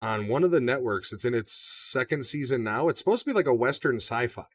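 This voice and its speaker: A man's voice: mid-range voice, fairly quick, no room sound, far from the mic. A man co-hosting a casual movie discussion podcast, talking loosely and with lots of swearing. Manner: profane, animated, does shouted impressions. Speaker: podcast co-host.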